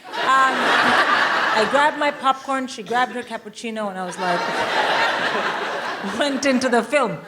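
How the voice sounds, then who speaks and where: High-voiced woman telling a stage story. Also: very noisy. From India. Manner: animated, swearing, quick asides to a laughing audience. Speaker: guest comedian. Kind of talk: stand-up storytelling. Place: live theatre stage. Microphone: stage microphone.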